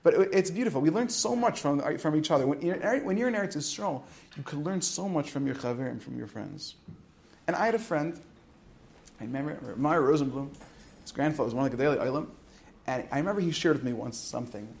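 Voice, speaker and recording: Animated rabbi telling stories, fairly high voice. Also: male voice, fast, vocal fry, slight background noise. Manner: animated storyteller, swings from loud to hushed. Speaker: rabbi teaching at a yeshiva high school. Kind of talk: storytelling Torah talk to students.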